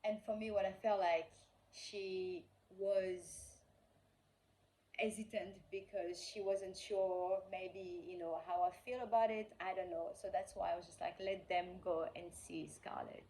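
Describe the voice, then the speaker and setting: A woman's voice: on the low side, steady tone, measured pace, dark tone, a little hiss or hum, poor audio. A woman vlogger casually telling a personal story, rambling with lots of fillers and acting out the quoted dialogue. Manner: rambling, heavy on fillers like "like" and "you know".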